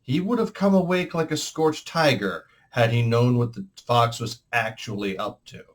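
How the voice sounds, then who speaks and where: A man narrating a storybook aloud as host of his own reading show. He reads expressively, his tone rising and falling with the story. His voice sits at a middle pitch for a man.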